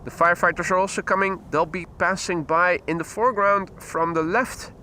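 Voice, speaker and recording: A man's voice: sits high, fairly even intonation, fairly quick, pushed and bright, a little hiss or hum. A man, chatting casually as host of a live plane spotting stream, greeting viewers by name, his nose a little stuffy, on a clip-on mic outdoors. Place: outdoors at an airport. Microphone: wireless clip-on mic on his t-shirt.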